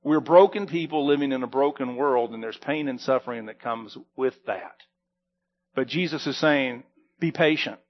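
A man preaching a sermon as pastor, reading scripture and then teaching, with dramatic swells and hushed drops. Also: mid-range voice, moderate pace, muffled recording.

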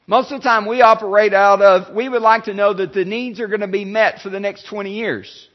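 A male pastor giving a sermon, halting, with many fillers and restarts. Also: sits high, fairly even intonation, highs cut off.

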